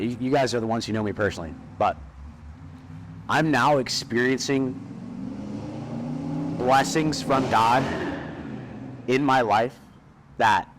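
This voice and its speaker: A young man giving a personal testimony speech at a live event, earnest and emotional, with dramatic pauses. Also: mid-range voice. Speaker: speaker at an event. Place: large hall at a live event. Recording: echoey hall with background noise.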